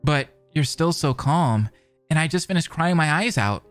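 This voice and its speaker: A man reading the part of a shaken teenage girl survivor aloud from a visual novel, halting and soft. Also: on the high side, lively intonation, faint music behind, close to an everyday voice.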